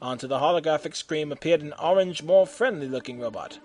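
Male narrator, deadpan comic storytelling, slightly higher voice, faint music bed. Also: a little fast, hardly any pauses.

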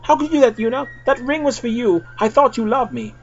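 A whiny, weepy young man wails in a high, cracking voice, as a male reader puts him on. His pitch soars far above a normal speaking voice. The recording is lo-fi and dull. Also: huge pitch swings, normal speed, sharp tone, full character voice. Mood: wailing. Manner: high, wailing and whimpering.

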